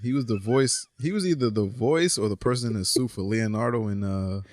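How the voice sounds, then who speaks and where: A man's voice: fairly low pitch, fairly quick, darkish tone. A man co-hosting a podcast in casual chat, joking and laughing often, sometimes trailing off mid-thought. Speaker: podcast co-host.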